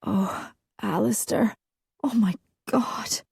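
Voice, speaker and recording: A woman voicing a strong-willed young bride in a romance audiobook, soft and breathy, sometimes whispering. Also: on the low side, moderate pace, dry recording, clean studio sound. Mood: breathless, tender.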